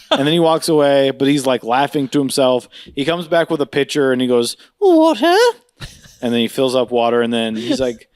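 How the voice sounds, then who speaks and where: Speaking briskly in a clean tone without echo, this man co-hosts a podcast and shares a funny story in relaxed conversation. He's animated, laughs a lot, and imitates voices by jumping sharply in pitch.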